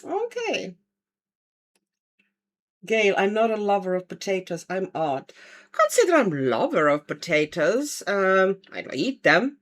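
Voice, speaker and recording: A woman's voice: medium pitch, very animated, unhurried. A woman from Estonia, chatting casually at home on a livestream while colouring and answering viewer comments. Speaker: livestream host, colouring artist.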